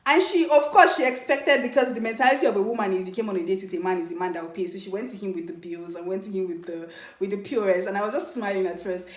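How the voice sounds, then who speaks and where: Young woman, casual storytelling, lively laughing delivery, echoey room. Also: medium pitch, fast. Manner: animated, laughing, mimics voices in quotes. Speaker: vlogger.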